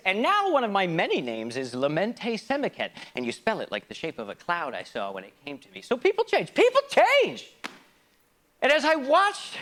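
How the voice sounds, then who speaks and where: Male solo performer for a dramatic stage monologue. Very animated pitch, hushed asides and loud outbursts. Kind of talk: theatrical spoken-word monologue. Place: live performance venue.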